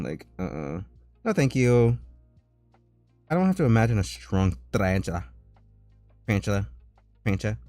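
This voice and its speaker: A man streaming as an artist, chatting casually as he works and breaking into high squeals of disgust and laughter. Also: big pitch swings, normal speed, pauses often, warm tone, no room sound, faint music behind. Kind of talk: casual live-stream chat while drawing.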